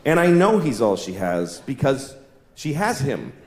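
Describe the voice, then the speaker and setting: A middle-aged man performing a stand-up comedy set on a live stage, blunt and deadpan, breaking into voiced asides. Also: mid-range voice, unhurried. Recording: echoey live venue, noisy crowd ambience.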